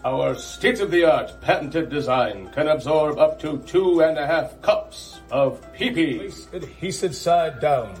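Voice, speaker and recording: A man voicing a pompous male doctor pitchman in a mock commercial, grandiose and mock-formal, from a distant ad clip with music.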